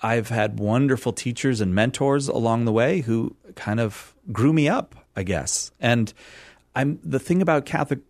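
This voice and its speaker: A man's voice: medium pitch, no echo. Middle-aged man, from California, rambling, laughs a lot, dry close sound. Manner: rambling, self-deprecating, quick to laugh. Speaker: radio guest. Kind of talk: casual interview chat.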